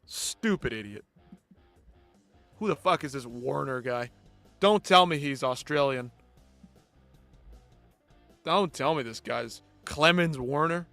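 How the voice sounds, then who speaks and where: A man's voice: medium pitch, animated, slow, creaky, long pauses, pushed and bright, no room sound, faint music behind. Profane, ranting male fight-show host. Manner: blunt, profane, exasperated ranting. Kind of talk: live post-fight commentary.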